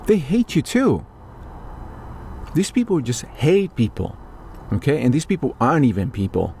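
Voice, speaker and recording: A man from Mexico rants about politics in an indignant, sarcastic way and swears freely. His voice sits in a middling pitch with a dark, mellow tone. A faint hiss of background noise runs under his talk. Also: huge pitch swings, normal speed, vocal fry. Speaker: political commentator. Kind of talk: heated political rant.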